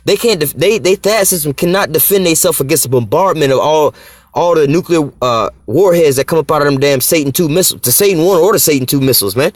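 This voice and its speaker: Man, fast-talking, brash profane bible teaching, dry close sound. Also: fairly high pitch, lively intonation, no room sound. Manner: brash, profane, rhetorical questions. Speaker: street preacher.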